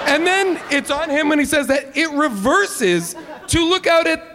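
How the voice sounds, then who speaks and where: An excitable, jokey man riffing on a movie with a high voice that leaps all over the place. He sounds like he's in a big echoing hall, with steady noise behind him. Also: a little slow. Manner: excitable, jokey, loud outbursts. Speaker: podcast co-host. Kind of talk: casual movie review chat.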